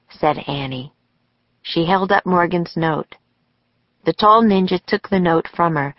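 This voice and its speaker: An older woman narrating a children's audiobook in a calm, steady storytelling manner. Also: low voice, slow, dry recording, highs cut off. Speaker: author narrating her book.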